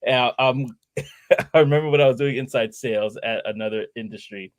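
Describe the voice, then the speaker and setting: A man's voice: medium pitch, normal speed. A man hosting a casual interview, upbeat and candid, encouraging his listeners. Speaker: host.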